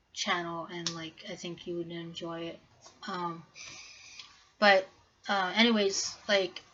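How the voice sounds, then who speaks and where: A woman's voice: on the low side, a bit bright, muffled recording, a little hiss or hum. A woman vlogging in a casual, rambling way, full of fillers and restarts. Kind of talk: casual vlog talk.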